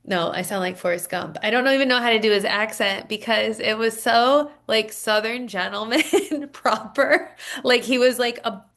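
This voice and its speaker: A woman's voice: fairly high pitch, moderate pace, few pauses, fairly bright tone. A woman co-hosting a podcast, telling stories in a casual chat full of fillers like "like" and "um". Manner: chatty storytelling with many fillers. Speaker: podcast co-host.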